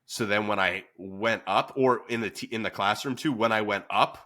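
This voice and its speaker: A man, a fitness coach and podcast host, talking in a calm, even-keeled way with many fillers. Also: on the low side, moderate pace. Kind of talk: casual podcast chat.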